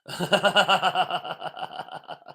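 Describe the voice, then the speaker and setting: A man's voice: high voice, fairly even intonation, extremely slow, sharp tone, breathy edge. A middle-aged man hosting a casual live-stream trivia chat, reading out quiz questions and viewer comments, chatty and self-mocking, laughing often and stumbling over his words.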